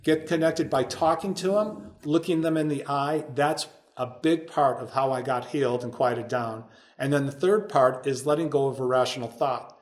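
A man's voice: medium pitch, normal speed. A man telling a story as a guest in a conversation, acting out the voices of the people in it. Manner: acts out quoted voices in his stories. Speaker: podcast guest.

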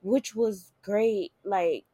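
Animated young woman telling a story. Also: very slow, slightly rough, dry recording, dull audio. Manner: animated, expressive, jumps high when quoting herself. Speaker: mother telling her birth story. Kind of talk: casual storytelling.

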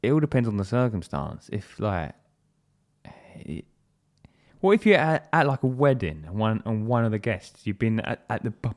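A man's voice: lowish voice, very animated, normal speed. A young man co-hosting a podcast, rambling through crude hypotheticals in casual banter and laughing easily. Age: young adult. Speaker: podcast co-host.

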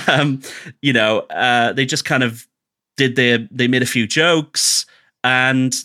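A man's voice: medium pitch, slow pace, sharp tone. A man, a podcast guest, telling candid personal stories in a chatty, self-deprecating way, often restarting his sentences. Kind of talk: candid storytelling conversation.

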